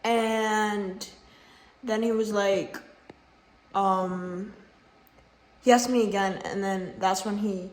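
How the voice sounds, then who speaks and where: A woman's voice: mid-range voice, fairly even intonation, takes it slowly, pauses often. Heated, slangy teenage girl vlogging. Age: teens. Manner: heated, slangy, heavy on "like" and swearing. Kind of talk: casual storytime vlog. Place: at home, just woken up. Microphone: phone camera.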